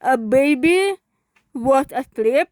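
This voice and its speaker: High-voiced woman chatting on camera. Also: animated, slow, a little mellow, no echo. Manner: chatty, thinking aloud while translating. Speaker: vlogger. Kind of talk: casual chat.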